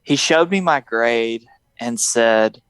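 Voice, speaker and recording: A man's voice: medium pitch, slow pace, clear, resonant tone, dry recording. A young man hosting a casual podcast chat, laughing often and mimicking people in his stories. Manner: laughing, animated, mimics voices in quotes. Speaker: podcast host.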